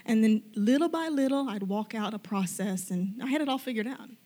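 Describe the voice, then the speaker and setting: Middle-aged woman, lively testimony storyteller, bright and a touch high, plays all the parts. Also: brisk. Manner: animated, self-deprecating, acts out quoted dialogue. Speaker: youth sponsor telling a personal faith story.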